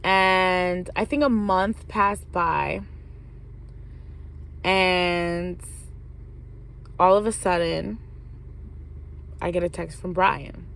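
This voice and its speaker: A young woman tells a story from her life to the camera in a relaxed, slangy way, swearing freely and leaning on "like". Her voice sits a little low and she takes her time. A faint noise hangs in the background. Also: drawn-out words, creaky, pauses often. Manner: slangy, profane, fills talk with "like". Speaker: vlogger. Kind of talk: casual storytime vlog.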